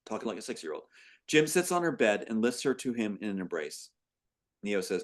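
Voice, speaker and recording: A man's voice: fairly low pitch, big pitch swings, fairly quick. A man reads through his own script, playing every part himself. He keeps breaking off to comment, and his voice catches with emotion along the way. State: choked up with emotion. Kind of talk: dramatic script reading with commentary.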